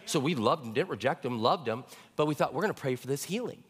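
A man's voice: mid-range voice, lively intonation, fast talker. Man preaching in an echoey hall. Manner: conversational storytelling with frequent check-ins to the congregation. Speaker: pastor. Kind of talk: sermon.

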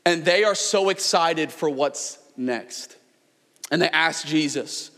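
High, bright-voiced preacher man in a hall. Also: measured pace. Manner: animated storytelling, rising to near-shouts. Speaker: pastor. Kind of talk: sermon. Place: large church hall. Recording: long hall reverb.

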